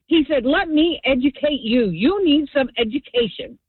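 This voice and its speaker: A woman's voice: sits high, moderate pace, no room sound. Older New woman on the phone. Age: 70s. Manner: animated, chatty storyteller. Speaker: caller. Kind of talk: phone-in storytelling. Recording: tinny phone line.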